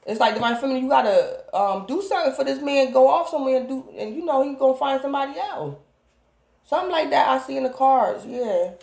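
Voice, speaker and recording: In an echoey room, a woman gives a casual, rambling tarot reading, calling out to her viewers again and again with the same phrase. Her voice sits high and is expressive, fast, and creaky, with a darkish tone.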